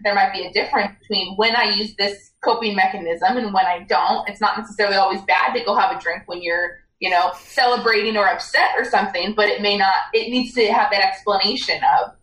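A woman's voice: mid-range voice, fairly even intonation, fairly quick, few pauses, a bit bright, echoey room, far from the mic, rough recording. A woman in casual conversation, thoughtfully explaining ideas as a co-host. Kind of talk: casual chat.

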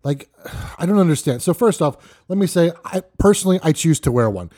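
A man hosting a podcast, yelling a profane, exasperated rant. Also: on the high side, expressive, a little fast. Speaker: podcast host. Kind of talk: ranting monologue.

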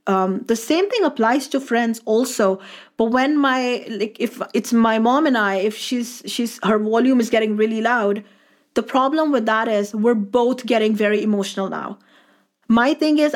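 A woman with a fairly high voice talks as a guest on a podcast interview. She speaks earnestly and with emphasis, thinking aloud as she makes her points about accountability and her work as a coach. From India. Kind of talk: casual interview talk.

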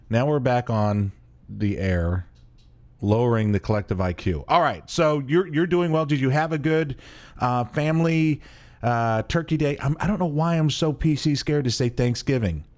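A man's voice: medium pitch, darkish tone. A man hosting a podcast in a casual chat, joking at his own expense and laughing often. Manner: jokey, self-deprecating, laughs often. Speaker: podcast host.

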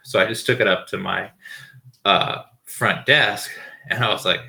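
Dogs bark close by as this podcast host, a man in his thirties, rambles through casual stories at home, peppering them with fillers and curses. His fairly low voice is gravelly and bright, a little slow, with fairly even intonation and a forceful tone.

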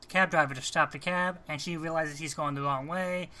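A man co-hosting a casual talk show about films, animated and often restarting his sentences. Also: fairly high pitch, brisk. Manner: animated, restarts often, acts out quoted lines. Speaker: podcast co-host. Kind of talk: casual film discussion.

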